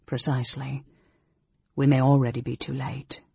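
Dalamar, a man voicing a sly, cool dark elf. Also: medium pitch, flat delivery, normal speed, vocal fry, husky, dry recording. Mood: sly, calm. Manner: coolly offhand, knowing. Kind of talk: audiobook character reading. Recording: dull lo-fi recording.

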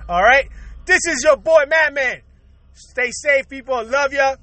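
A man's voice: very high-pitched, unhurried, sharp tone, dry recording. A young man hosting his own podcast, ranting in a profane, exasperated way and repeating himself a lot. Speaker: podcast host. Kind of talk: solo rant podcast.

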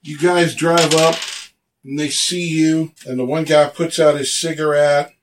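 A man narrating a tabletop game as game master, loose and relaxed, recorded on a distant mic. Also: on the high side, a little slow, noisy background.

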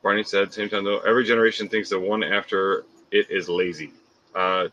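A man's voice: lowish voice, level tone, fairly quick, sharp tone, highs cut off, a little hiss or hum. A man hosting a live podcast, chatting casually, reading viewer comments and laughing often.

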